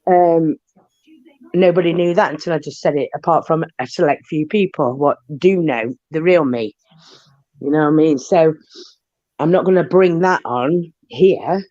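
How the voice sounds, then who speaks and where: A woman's voice: sits low, moderate pace, darkish tone, no echo. Woman with a blocked nose, chatty and rambling, kinda muffled lo-fi sound. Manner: rambling, chatty, peppered with "you know what I mean". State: congested with a cold. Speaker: panel guest. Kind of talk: casual chat on a livestream. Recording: dull, lo-fi, dry online call audio.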